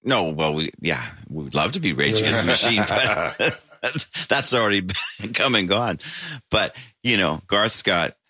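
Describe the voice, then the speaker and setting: A man's voice: fairly low pitch, expressive, measured pace, bright, forceful tone, husky, no echo, studio quality. A man, a band member, telling stories in a casual interview, rambling with restarts and fillers. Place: basement of a tavern.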